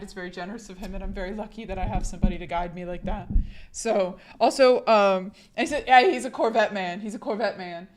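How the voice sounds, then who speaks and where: A young woman streamer with a hoarse, husky sick voice, rambling casually to her chat and swearing a lot. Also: medium pitch.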